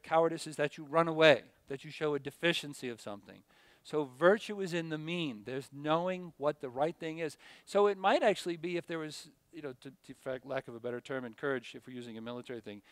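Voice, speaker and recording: A man's voice: a little high, smooth, no room sound. Middle-aged man lecturing a class. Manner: conversational, rambling with many restarts and checks like "right?". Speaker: teacher.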